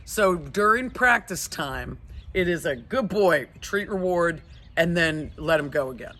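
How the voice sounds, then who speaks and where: A man's voice: a little high, lively intonation, measured pace, bright, forceful tone. A man working as a dog trainer, giving owners upbeat, encouraging step-by-step instructions outdoors in a yard, filmed by a helper holding the camera. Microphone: camera held by a helper.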